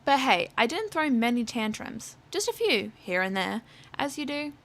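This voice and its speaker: A woman's voice: fairly high pitch, sing-song, normal speed. A young adult woman telling a storytime rant in a sarcastic, profane way. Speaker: vlogger.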